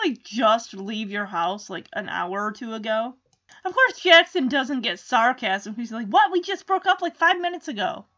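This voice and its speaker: Chatty woman vlogger, bright lo-fi voice. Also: a little high. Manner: chatty, exclamatory, lots of ooh. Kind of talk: casual reaction commentary.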